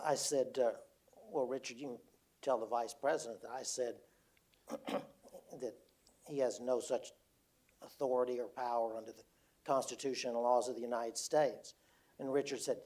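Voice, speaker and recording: An older retired man telling a personal story to an audience, halting and repeating words as he quotes others. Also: mid-range voice, darkish tone. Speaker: speaker. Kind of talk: storytelling talk.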